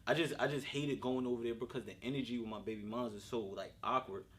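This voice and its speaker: A young man hosting a casual podcast chat, telling animated stories and acting out his daughter's lines. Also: mid-range voice, fast. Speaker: podcast host.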